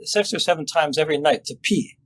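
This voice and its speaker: An irate elderly patient with a thick German accent, roaring with frustration, as a male narrator puts him on. The voice sounds husky and a little breathy, higher and louder than the narrator's own. It carries the strained, short-tempered edge of a man fed up with his ailments. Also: brisk, close to an everyday voice. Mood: agitated. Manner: agitated, roaring.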